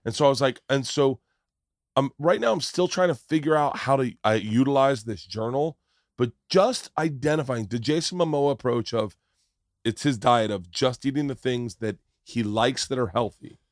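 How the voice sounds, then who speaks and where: A man hosting a podcast, chatting casually on a tour bus, animated and joking, swearing often. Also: mid-range voice, normal speed, no room sound, clean studio sound. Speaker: podcast host. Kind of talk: casual chat.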